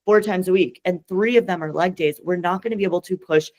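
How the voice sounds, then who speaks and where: A woman's voice: on the low side, fast, a little mellow. Woman fitness coach, earnest podcast talk. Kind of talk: casual podcast chat.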